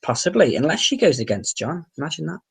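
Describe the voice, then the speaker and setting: Fast-talking and very animated, this man has a fairly high, slightly rough voice with vocal fry and a Merseyside accent from the Wirral, England. He hosts a casual livestream Q&A, reading out what viewers write, answering it and swearing now and then.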